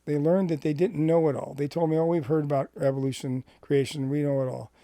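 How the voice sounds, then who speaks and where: A middle-aged man from Washington State telling a personal ministry story in an animated way, acting out the dialogue. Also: on the high side, brisk, no echo. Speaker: Christian ministry speaker.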